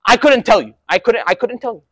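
A man's voice: very high voice, animated, fast, fairly bright tone. A young man giving an informal religious storytelling lesson to a student group, talking casually and conversationally and using frequent Arabic filler words. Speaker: student speaker at a university Muslim association.

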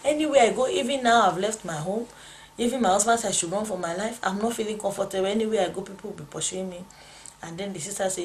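A woman's voice: medium pitch, fast talker, poor audio. A woman telling a dream testimony in a church setting, earnest and storytelling, repeating lines as her feeling rises. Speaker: pastor's wife sharing a dream testimony. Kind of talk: spoken testimony.

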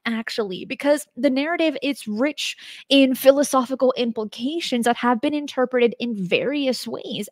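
A woman's voice: a little high, no room sound, clean studio sound. Woman explaining ideas on a talk show. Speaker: co-host presenting research. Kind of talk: explanatory presentation.

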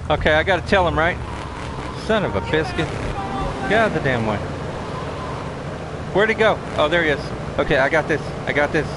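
A man streaming a video game, chatting excitably to himself and his viewers with mild cursing. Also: a little high, heavy background noise. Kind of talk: casual live gaming commentary.

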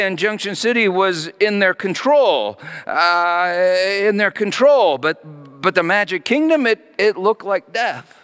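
A man's voice: high voice, lively intonation, unhurried, fairly bright tone, clear, resonant tone, in a large hall. A middle-aged male pastor preaching a sermon as a story, acting out his children's voices.

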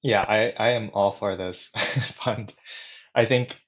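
A man's voice: on the low side, steady tone, takes it slowly, highs cut off. A man telling a story on a podcast as a guest, laughing here and there as he talks. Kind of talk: casual conversation.

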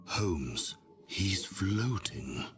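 A man voicing a dutiful, dry-humored sidekick with a deadpan, matter-of-fact delivery. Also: sits low, drawn-out words, full character voice. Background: music.

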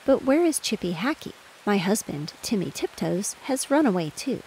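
A woman's voice: medium pitch, very animated, moderate pace, a little mellow, a little hiss or hum, poor audio. A woman voicing an anxious female squirrel wife in a storybook, calling out in a raised voice. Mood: fretful.

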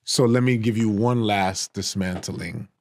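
A man teaching a Bible study in a casual, emphatic way, raising his voice to stress points and slowing down on key phrases. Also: lowish voice, a little mellow, no echo, clean studio sound. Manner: emphatic and conversational, rising for stress, drawing words out slowly.

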